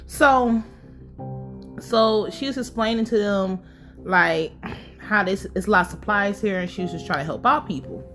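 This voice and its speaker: Woman, casual show-recap host, mid-pitched, foul-mouthed and opinionated, soft music bed underneath. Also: moderate pace. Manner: blunt, profane, opinionated commentary.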